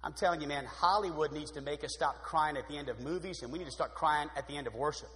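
Male preacher with a high voice and an animated sermon delivery, recorded with a long hall reverb. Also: fast talker. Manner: animated, shifts from loud exclamations to hushed prayer voice. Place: church sanctuary. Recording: long echo of a large hall.

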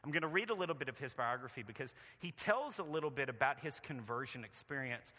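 Bright-voiced pastor preaching in a hall. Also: male voice, medium pitch, animated, fast. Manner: conversational, earnest, reads aloud at length. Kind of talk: sermon.

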